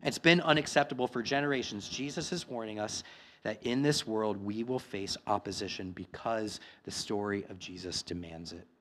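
A male pastor preaching a sermon, moving from quiet, reflective passages to loud, emphatic declarations. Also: on the low side, moderate pace.

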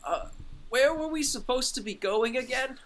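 A man's voice: very high voice, expressive, normal speed, a bit bright, voice pushed up. A man voicing a clueless male adventurer in a put-on, mixed Scottish, piratey and Eastern European accent, hesitant and laughing. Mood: sheepish. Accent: mock Scottish, piratey and Eastern European. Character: bumbling adult male snail-riding guide.

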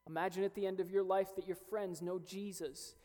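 A man's voice: high-pitched, level tone, a little fast, dark tone. A young man preaching a sermon as a pastor, earnest and building to emphatic peaks. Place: church hall. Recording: reverberant hall with faint music.

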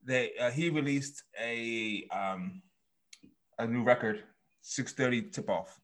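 A man co-hosting a podcast in casual chat, relaxed and hesitant, with many fillers. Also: medium pitch, takes it slowly. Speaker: podcast co-host.

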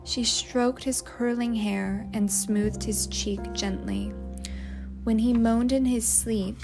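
A woman narrating a novel chapter in a measured, unhurried reading. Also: medium pitch. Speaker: audiobook narrator. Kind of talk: scripted storybook narration.

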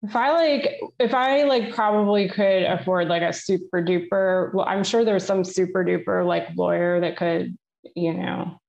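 A woman co-hosting a podcast, chatting in an animated way with lots of fillers and laughs. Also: on the low side, normal speed, gravelly, muffled recording. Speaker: podcast co-host. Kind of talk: casual chat. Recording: echoey room.

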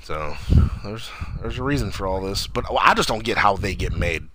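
Rambling excitable man, noisy recording. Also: lowish voice, moderate pace. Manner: rambling, excitable, acts out characters' lines, swears often. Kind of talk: casual chat recapping a TV episode.

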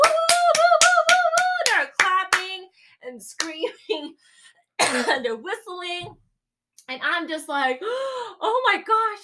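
A woman's voice: medium pitch, pushed and bright. A woman in her thirties hosting a faith-based podcast, telling a story animatedly with vivid exclamations and then turning to encouragement. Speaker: podcast host.

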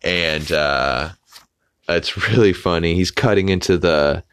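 A man's voice: low-pitched, slow, fairly bright tone, clear, resonant tone, dry recording. A young adult man hosting a podcast, casually recapping a cartoon with lots of fillers and the odd swear, on a close mic. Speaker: podcast host.

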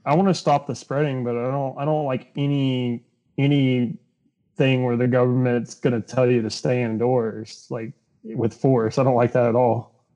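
A young man co-hosting a casual podcast chat, animated and quick to put on silly voices when retelling scenes. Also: mid-range voice, highs cut off. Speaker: podcast co-host.

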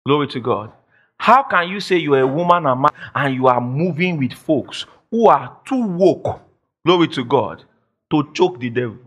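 A man preaching a sermon as pastor, emphatic, repeating phrases and shouting declarations. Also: fairly high pitch, lively intonation, moderate pace, highs cut off. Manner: quotes imagined listeners in mock voices.

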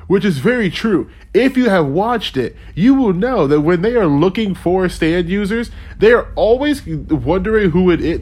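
A man's voice: sits high, a little mellow. A young man hosting a solo podcast, ranting casually, rambling off on tangents, losing his train of thought and chuckling between points. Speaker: podcast host.

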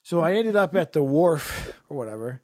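A man's voice: fairly high pitch, expressive, moderate pace, a little mellow, no echo, studio quality. A man telling rambling stories in casual podcast chat, laughing often.

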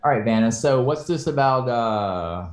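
A man's voice: medium pitch, lively intonation, unhurried. A man co-hosting a casual podcast, teasing his partner and cracking crude, profane jokes. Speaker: podcast co-host. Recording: roomy echo.

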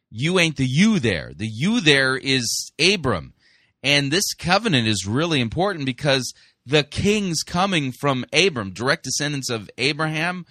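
A male podcast host reviewing a sermon in a conversational way, full of fillers, slowing down to stress key words. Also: mid-range voice, bright, forceful tone, no echo, clean studio sound.

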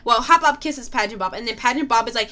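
A woman's voice: fairly high pitch, fast talker, pushed and bright. A young woman chatting casually about a TV show, swearing freely and filling her talk with "like". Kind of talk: casual chat recapping a TV show.

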